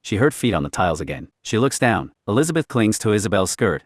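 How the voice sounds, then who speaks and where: A man reading a scripted story as narrator, in a deep, level reading voice. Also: sing-song, fast, no echo, clean studio sound.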